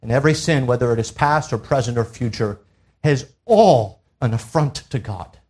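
A man's voice: mid-range voice, expressive, normal speed, darkish tone, breathy edge. A man preaching a sermon to a church congregation, emphatic, pressing his listeners with rhetorical questions. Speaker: pastor. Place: church service.

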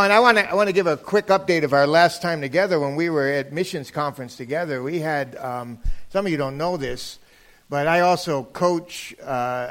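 Joking preacher man, slightly high voice. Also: fairly bright tone. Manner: joking, conversational, rising to emphatic preaching. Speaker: guest preacher. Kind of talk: sermon.

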